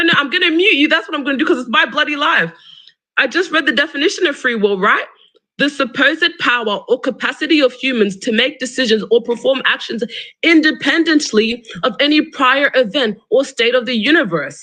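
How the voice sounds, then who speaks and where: High, bright-voiced man arguing. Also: lively intonation, poor audio. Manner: combative, interrupting, fast rebuttals. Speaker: livestream host. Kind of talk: argumentative live-stream debate.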